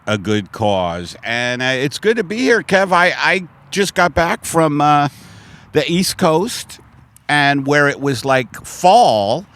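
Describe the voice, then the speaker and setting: A man's voice: mid-range voice, fairly bright tone, smooth. A man hosting a podcast in loose, comic chat, rambling with wry, self-mocking asides. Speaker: podcast host. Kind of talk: casual comedic chat.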